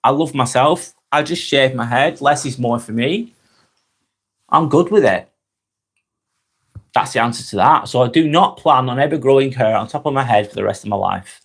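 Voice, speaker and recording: With a Lancashire accent from North West England, this man responds to viewer comments on a relaxed live stream, laughing frequently and addressing folks as mate. He has a creaky, medium-pitched voice at normal speed, with long pauses.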